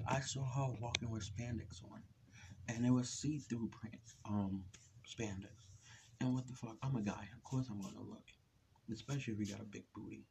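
A man with a dark, gravelly voice delivers a blunt opinion rant alone to his camera. He keeps pressing his audience with rhetorical questions. A faint hiss sits under the recording. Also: fairly low pitch. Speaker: vlogger.

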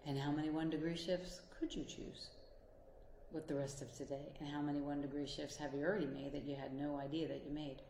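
Speaking a little fast with a flat delivery and warm tone, a woman with a fairly low voice gives an earnest, encouraging motivational talk straight to the listener. She's a life coach and couples therapist, heard in an echoey room with slight background noise.

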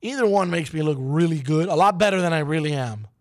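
A man with a raspy voice hosting a morning radio show, rambling and joking with his co-hosts. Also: fast. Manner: jokey, rambling, sometimes drops to a low corporate voice. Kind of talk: casual morning show banter.

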